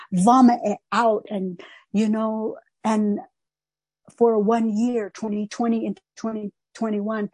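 A woman's voice: on the high side, darkish tone, no echo. A middle-aged woman, not a native English speaker, telling her recovery story in a rambling, emotional way with many restarts. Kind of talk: personal testimony.

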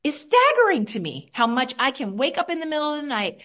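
A woman from Queens, New York, speaks high-pitched and a little fast as she candidly shares her recovery story at a support meeting. She's animated, moving between soft moments and lively ones.

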